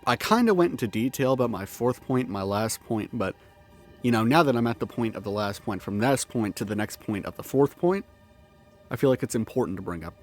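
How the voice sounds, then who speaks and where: A man mid-rant in a commentary video, swearing constantly and breaking off to laugh at his own tangents. He sounds slightly out of breath from the cold, with a voice of ordinary middle pitch. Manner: profane, swears freely, self-interrupting with laughs and asides. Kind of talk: ranting video-essay commentary. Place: outdoors in the cold.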